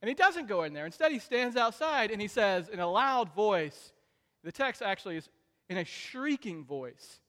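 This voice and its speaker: A man preaching a sermon, shifting between soft asides and loud, emphatic peaks. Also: high-pitched, sing-song, moderate pace. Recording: long reverb of a large hall.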